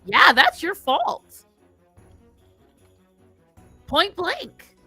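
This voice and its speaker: Her voice is very high and she draws out her words as she hosts a live stream, telling stories and doling out blunt, opinionated advice to chat. The recording has no echo, with soft music in the background, and her storytelling is animated.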